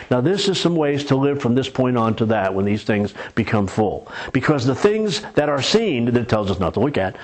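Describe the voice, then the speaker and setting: Husky preacher guy telling bible stories, chatty and jokey, middle-of-the-road voice. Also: mid-range voice, big pitch swings, moderate pace, hardly any pauses, a little mellow. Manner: conversational storytelling with folksy humor. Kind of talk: sermon.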